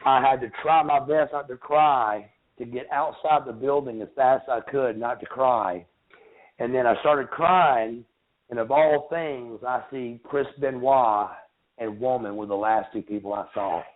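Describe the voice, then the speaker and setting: A man in his thirties, a guest talking about a painful memory, halting and repeating words. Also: medium pitch, steady tone. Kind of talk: emotional interview recollection. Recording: phone-line call-in audio.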